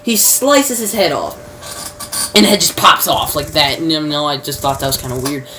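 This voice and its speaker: Rambling low-voiced woman recapping a show. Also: lively intonation, moderate pace, pushed and bright. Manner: rambling, many fillers and restarts, mild slang. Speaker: TV episode reviewer. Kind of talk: casual spoken episode recap. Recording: distant mic, faint background noise.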